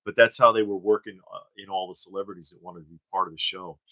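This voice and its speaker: Low, bright-voiced man chatting casually. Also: steady tone, fast talker, no echo, low-quality recording. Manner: rambling, trails off into fillers and restarts. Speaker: co-host of a live stream. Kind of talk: casual chat reading viewer comments. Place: studio.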